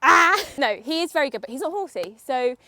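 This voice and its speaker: A woman's voice: sits high, big pitch swings, fast talker, no echo. A young woman vlogging while riding her horse, chatty and nervous, talking to the horse and her viewers. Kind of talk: casual chat while riding. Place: outdoor riding arena.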